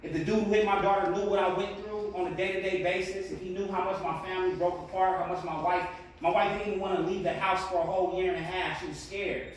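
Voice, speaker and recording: A man's voice: high voice, flat delivery, fast talker, a little hiss or hum. A man speaking earnestly to a class of students as a motivational speaker, rising to emphatic peaks. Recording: very echoey room, distant mic.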